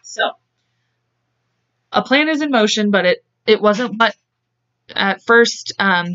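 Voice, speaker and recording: In a slow, lively, medium-pitched voice with a fairly bright tone, a young podcast co-host chats her way through a true-crime case. She laughs a lot and performs the quotes, all on lo-fi audio.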